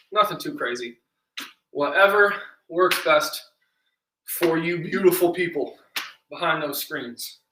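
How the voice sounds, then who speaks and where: An encouraging male fitness coach leads a streamed class, counting down exercises and cheering people on while slightly out of breath. His voice is crisp and bright, sitting a touch high for a man. He sounds set back from the mic in a room with a noticeable echo. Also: slight background noise. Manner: upbeat, encouraging, counts reps aloud. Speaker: fitness instructor. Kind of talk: live-streamed workout class. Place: indoor room, home workout stream. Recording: echoey room, distant mic.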